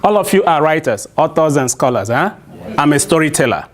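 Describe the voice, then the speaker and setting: A man's voice: a little high, animated, brisk. A man with a Nigerian accent telling a traditional story to a live audience, prompting them with call-and-response questions.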